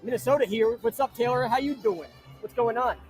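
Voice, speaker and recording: High-voiced brash man hosting a live stream. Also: fairly quick, faint music behind. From New Jersey. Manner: brash, crude joking shout-outs. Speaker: livestream host. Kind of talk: live-stream chat reading viewer comments. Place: inside an arena.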